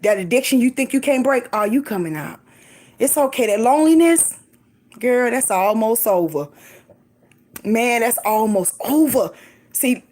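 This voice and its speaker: A middle-aged woman vlogging, giving lively, emphatic encouragement in a casual preachy way, laughing often. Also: on the high side. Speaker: faith vlogger.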